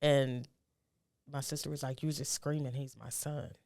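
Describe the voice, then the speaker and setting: Gravelly-voiced woman, soft and halting. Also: rumbling low, level tone, dry recording, clean studio sound. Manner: soft, halting and reflective, then urgent when giving advice. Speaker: guest. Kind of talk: personal story in a conversation.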